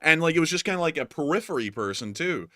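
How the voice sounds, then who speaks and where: A man hosting a war news stream, chatting with his co-host in an animated, joking way, full of "like" and "man". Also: fairly high pitch, quick pace, no room sound, clean studio sound. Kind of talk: casual joking chat with co-host.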